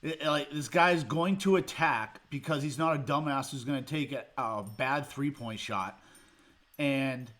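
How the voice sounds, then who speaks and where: A man's voice: mid-range voice, measured pace, a bit bright. A man hosting a sports show, breaking down a game in a heated, exasperated rant with sarcastic jabs. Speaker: sports podcast host.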